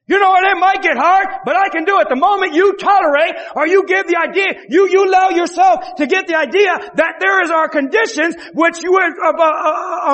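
A male pastor preaching an impassioned sermon, often shouting and repeating his phrases. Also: very high-pitched, long reverb tail.

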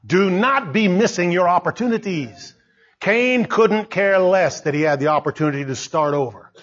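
A man preaching a sermon, emphatic and repetitive, swinging between soft asides and loud exclamations. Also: high voice, expressive, normal speed, muffled recording.

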